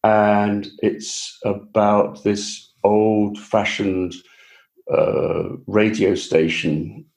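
A man's voice: lowish voice, flat delivery, very slow, a little mellow. A man with a Received Pronunciation English accent, a guest author telling his story in a chatty, self-deprecating way during a casual interview. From England.

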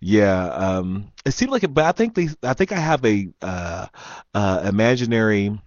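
A man's voice: fairly low pitch, sing-song, moderate pace, no echo, highs cut off. A man hosting a live chat stream, telling a story in a casual rant, laughing often and trailing off with ums.

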